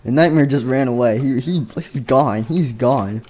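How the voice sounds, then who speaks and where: A man improvising a playful story over game footage, rambling along with frequent ums and restarts. His voice is mellow and relaxed, sitting in a middling pitch. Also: moderate pace. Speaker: video narrator.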